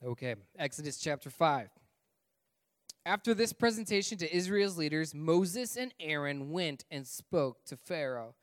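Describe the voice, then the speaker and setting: A man reading a scripture passage aloud at a church service, with steady, measured delivery. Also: a little high, no echo. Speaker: scripture reader.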